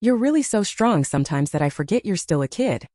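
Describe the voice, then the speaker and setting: A woman voicing a gentle, slightly guilty adult man looking after a child. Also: mid-range voice, big pitch swings, a little fast, no echo, clean studio sound.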